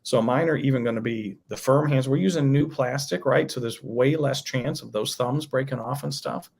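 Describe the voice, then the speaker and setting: Gravelly raspy guy, gushing about toys on a podcast, loose and chatty. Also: medium pitch, moderate pace, a little mellow. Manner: enthusiastic, rambling explanations. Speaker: toy designer guest. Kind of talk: casual podcast chat.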